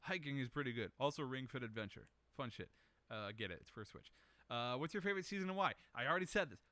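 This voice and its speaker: Bright, dry-voiced young man rambling casually. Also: mid-range voice, animated, fast, no echo. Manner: rambling, profane, self-mocking. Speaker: podcast host answering questions. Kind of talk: casual solo chat.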